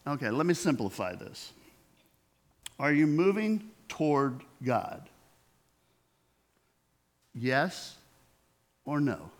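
A man's voice: mid-range voice, very animated, takes it slowly, long pauses. A man preaching a sermon in a conversational way, acting out the dialogue he quotes. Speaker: pastor.

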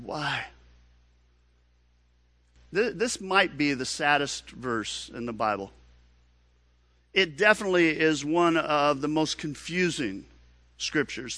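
A pastor preaching a sermon in an earnest, questioning manner, often repeating words. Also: male voice, fairly high pitch, bright, forceful tone, no echo.

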